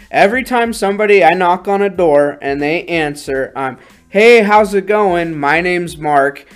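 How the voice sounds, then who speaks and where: Man, sales trainer, fairly high voice, energetic, faint music behind. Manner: energetic, demonstrating with his voice. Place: sales office.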